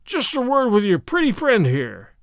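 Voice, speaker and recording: A man's voice: very high voice, huge pitch swings, moderate pace, no room sound, studio quality, pitched above the performer's own voice, heavily acted. A man voicing a large, pushy drunk who talks in a slurred, leering way in an audiobook reading.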